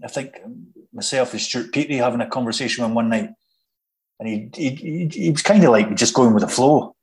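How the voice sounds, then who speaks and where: A Scottish man, a former footballer, chatting casually and telling stories with halting restarts. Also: medium pitch, a little mellow, poor audio. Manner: halting, many restarts, anecdotal. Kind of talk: casual chat.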